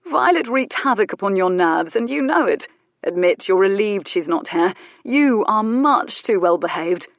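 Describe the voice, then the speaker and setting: A woman voicing a teasing, languid young gentleman who drawls and mocks, in an audiobook character voice. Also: sits high, sing-song, normal speed, creaky, dry recording, highs cut off, exaggerated voice. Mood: mocking. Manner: drawling and mocking.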